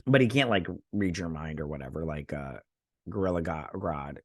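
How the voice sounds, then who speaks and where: In a bass voice at normal speed, a male reviewer rambles through a TV episode recap, restarting often and leaning on fillers. He gets animated, voicing the characters' lines himself, on a studio-quality recording with no echo.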